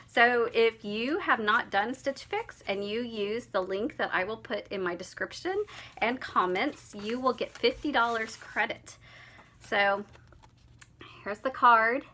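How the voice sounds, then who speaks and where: Bright-voiced chatty woman. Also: fairly high pitch, a little hiss or hum. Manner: gushing, chatty, laughs often. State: slightly out of breath after walking dog. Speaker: vlogger. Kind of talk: casual unboxing vlog.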